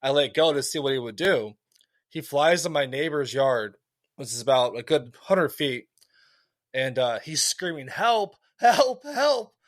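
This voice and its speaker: Man, podcast co-host, casual chat, rambling anecdotes, filler-heavy, mid pitch, dry close audio. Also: moderate pace, a bit bright, no echo.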